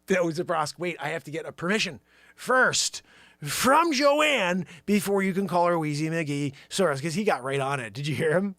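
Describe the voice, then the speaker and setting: Male host, bright and sharp tone, very lively pitch, improvised comic riffing with shouted bursts, dry close sound. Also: no room sound. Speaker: show host. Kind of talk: improvised comedy monologue.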